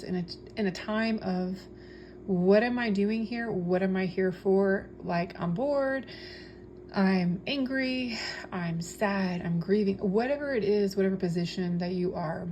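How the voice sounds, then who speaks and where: A woman's voice: mid-range voice, measured pace, a little mellow, a little hiss or hum. A woman talking casually and earnestly about spirituality, preaching with repeated phrases and frequent restarts. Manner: speaks with many fillers and restarts. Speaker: tarot reader and spiritual vlogger.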